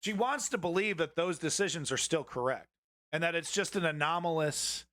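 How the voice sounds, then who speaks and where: Profane ranting male streamer, bright forceful voice. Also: fairly high pitch, normal speed, dry recording, studio quality. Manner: profane, heated ranting at chat. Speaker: political commentary streamer. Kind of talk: live-stream news commentary.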